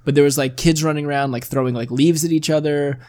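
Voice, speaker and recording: A man's voice: a little high, fairly even intonation, fast, darkish tone. Rambling man in casual chat. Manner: rambling, filler-heavy, swears casually.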